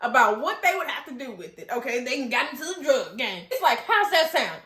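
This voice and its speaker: A woman hosting a casual, animated TV episode recap. She chats, laughs often and keeps asking rhetorical questions. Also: high voice, a little fast. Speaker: TV recap host. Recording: echoey room.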